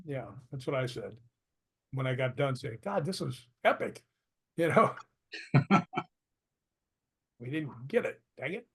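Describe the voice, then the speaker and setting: A man's voice: mid-range voice, animated, measured pace, long pauses, a bit bright, slightly rough. A man being interviewed as a guest, telling anecdotes in a chatty way and laughing often. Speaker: paranormal investigator guest. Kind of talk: casual interview storytelling.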